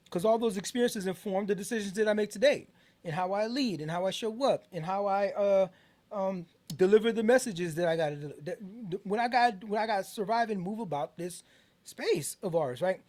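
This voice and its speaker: A man's voice: high voice, a little fast, darkish tone. A middle-aged American man hosting a casual album review podcast, talking in a loose, rambling way with many fillers and restarts. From United States. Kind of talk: casual music review talk.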